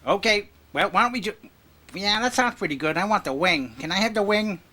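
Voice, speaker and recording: High, bright-voiced man clowning through a skit. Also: animated, a little fast. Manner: goofy, jumping between silly voices. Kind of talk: improvised comedy skit with character voices.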